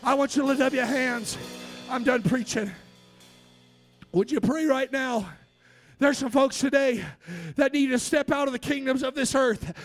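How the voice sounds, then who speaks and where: Male pastor, very high voice, fervent sermon delivery with "uh" fillers, faint instrument underneath. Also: fairly even intonation, moderate pace, soft background music. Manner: emphatic preaching, filler "uh" between phrases.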